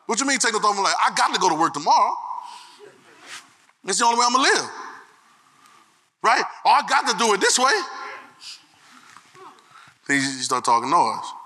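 A man's voice: high voice, bright, forceful tone. A man preaching a sermon in a dialect, using call-and-response and shifting his tone. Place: church. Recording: echoey hall, faint noise.

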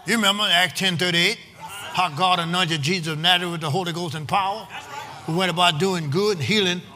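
A preacher, delivering a sermon with rhythmic call-and-response and frequent shouting. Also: male voice, high-pitched, a little fast, noisy background. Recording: long hall reverb.

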